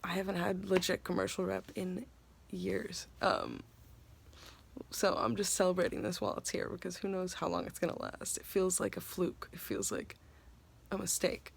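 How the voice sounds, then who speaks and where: Young actress vlogging; gravelly fry at line ends, rambling, giddy, self-deprecating, running on coffee and no food. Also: female voice, lowish voice, big pitch swings, moderate pace, a little hiss or hum. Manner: chatty, rambling, self-mocking; giddy and scattered. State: hungry and tired. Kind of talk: casual vlog chat.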